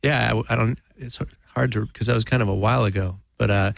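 A man's voice: lowish voice, fairly even intonation, quick pace, vocal fry, no echo. A man talking as a guest musician in a casual interview, rambling and self-deprecating, laughing often.

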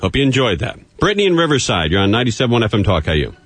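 A man hosting a call-in radio talk show, taking callers briskly and trading dry wisecracks. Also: medium pitch, big pitch swings, slight background noise. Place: radio studio. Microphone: studio microphone.

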